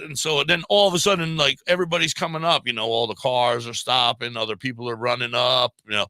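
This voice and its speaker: A man on a podcast spins a story in a casual, lively way, slipping into the voices of the people he describes. His voice is bright and forward. The sound is dry and close, with no room around it. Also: medium pitch, fast talker, hardly any pauses, dry recording. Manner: animated storyteller who acts out quoted voices. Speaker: podcast guest; volunteer fire police.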